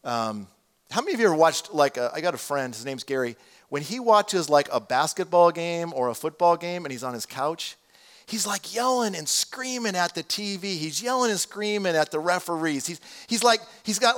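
A man preaching a sermon, his voice sitting a bit higher than most men's. He talks to his congregation in a loose, animated way, breaking off into asides and acting out the lines he quotes. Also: moderate pace. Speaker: pastor.

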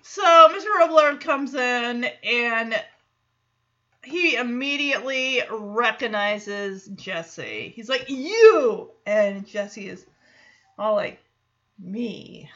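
A woman hosting a podcast, recapping an episode in a casual, animated way and acting out quotes. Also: slow pace, highs cut off. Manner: animated, acts out quotes in lowered voices. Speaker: podcast host.

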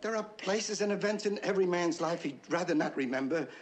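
An actor plays a gentle older father in a 1950s film drama, soothing his daughter in a calm, consoling tone. His voice sits a little high for a man. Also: a little fast, lightly acted.

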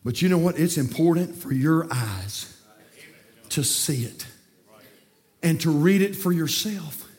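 A man preaching a fiery sermon, folksy and repetitive, swinging from quiet talk to shouting. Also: a little high, animated, unhurried, long pauses. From North Carolina, USA. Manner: folksy, repeats words. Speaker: pastor.

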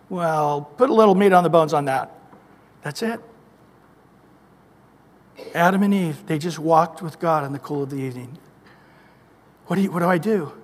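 Man pastor, high voice, emphatic repetitive sermon, long hall reverb. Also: normal speed, pauses often. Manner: emphatic, repetitive preaching with scripture quotes.

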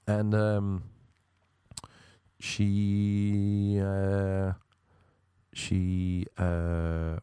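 A young adult man, telling a comic story in a casual, animated way, full of asides and impressions. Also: lowish voice, smooth, dry recording. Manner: animated, mimics people, rambling asides.

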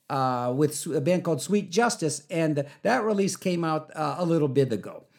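A man hosting a college radio show, back-announcing songs in a rambling, self-mocking way full of fillers. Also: on the high side.

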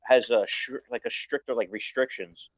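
A man's voice: medium pitch, moderate pace, no echo, dull audio. A man chatting casually on a podcast, rambling, swearing and running himself down. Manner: rambling, swears a lot, self-deprecating. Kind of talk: casual chat. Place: home in quarantine.

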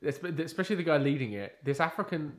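A man's voice: on the high side, animated, quick pace. A man co-hosting a casual chat, talking in a loose, rambling way with jokes and lots of filler words. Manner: loose, rambling, jokey, full of "like". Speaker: podcast co-host.

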